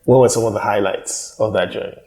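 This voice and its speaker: A man's voice: on the low side, steady tone, brisk, a little mellow, low-quality recording. A man hosting an interview, asking open, encouraging follow-up questions.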